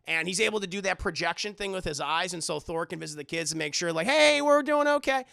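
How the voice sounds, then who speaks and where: Animated man with a gravelly high voice. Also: no echo, studio quality. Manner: animated, swears often, rambling with restarts. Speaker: streamer, film reviewer. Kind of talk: live-streamed film review chatting to chat.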